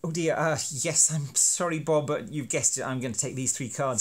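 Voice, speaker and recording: A man's voice: medium pitch, normal speed, hardly any pauses. A man explaining a teaching card game in a playful, self-deprecating, hammy way. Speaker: university lecturer making teaching videos. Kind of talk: educational explainer.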